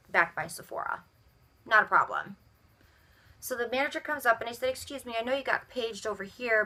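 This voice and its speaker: A young woman vlogging, telling a retail complaint story in an animated way and acting out the dialogue of everyone involved. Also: mid-range voice. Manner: animated, acts out both sides of dialogue. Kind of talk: storytelling rant.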